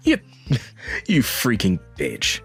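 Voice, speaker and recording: A smug, cheating rich ex-husband, voiced by a synthetic man. The voice is low but swings widely in pitch, taunting all the way. Faint music sits underneath. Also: very animated, normal speed. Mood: angry. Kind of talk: text-to-speech text story.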